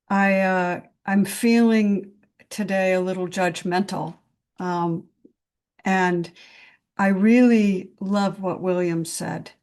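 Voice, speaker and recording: A woman's voice: mid-range voice, darkish tone. A woman speaking candidly in a video-call sharing group, blunt and swearing, with many fillers and restarts.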